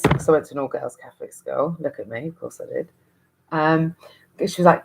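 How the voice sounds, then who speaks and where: A woman's voice: low-pitched, steady tone, moderate pace, gravelly, low-quality recording. A woman in her thirties talking candidly to camera, frank and rambling, with swearing and frequent restarts. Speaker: vlogger. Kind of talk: candid monologue.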